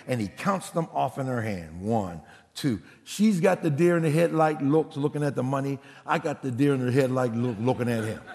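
A man preaching a sermon as a pastor, telling a story in an animated way and acting out the people he quotes. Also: medium pitch, creaky. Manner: animated, acts out quotes, laughs. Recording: long hall reverb.

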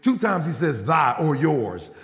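A male pastor preaching a sermon, telling a family story and building to shouted exhortation. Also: a little high, very animated, unhurried, big-room sound. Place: church.

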